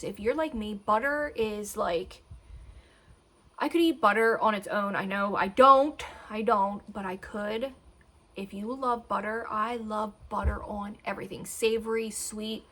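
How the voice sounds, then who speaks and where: A woman's voice: medium pitch, a little slow, fairly bright tone. A woman in her thirties chatting casually to camera in a home vlog, rambling between topics and breaking off to talk to her dogs. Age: 30s. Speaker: beauty vlogger. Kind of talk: casual chat.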